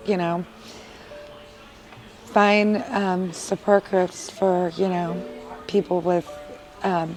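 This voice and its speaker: A mother speaks slowly and earnestly about her family, her voice fairly low and held in a narrow, even range. Her talk is full of fillers, and soft music plays beneath it. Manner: earnest and emotional, with many fillers. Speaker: parent of three boys. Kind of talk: heartfelt interview testimonial.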